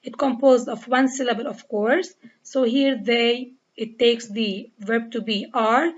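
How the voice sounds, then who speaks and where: A woman's voice: a little high, steady tone, a little slow. A woman with a Lebanese accent teaching an English grammar lesson, spelling out letters and repeating each rule step by step. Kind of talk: slow, deliberate grammar lesson. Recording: dull lo-fi recording.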